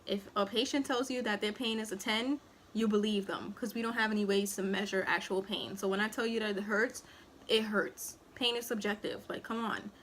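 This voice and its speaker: A woman's voice: medium pitch, fairly even intonation, normal speed, a bit bright, slight background noise. A young woman in casual storytime talk, rambling and full of fillers, acting out what people said as she tells it. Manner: chatty, rambling, filler-heavy, acts out quotes. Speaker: vlogger and new mother. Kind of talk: casual storytime while eating.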